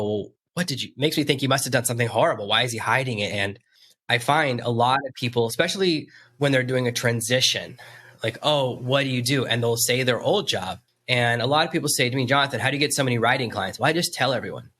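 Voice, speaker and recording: A man's voice: mid-range voice, a little hiss or hum. A man hosting a podcast interview, telling stories and acting out the quotes in a conversational way. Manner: storytelling, animated quoting. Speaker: podcast host.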